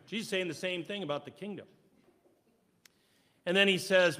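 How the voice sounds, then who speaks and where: A man preaching a sermon in church, animated, acting out quoted voices and swinging between loud and soft. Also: sits high, normal speed. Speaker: pastor. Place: church sanctuary.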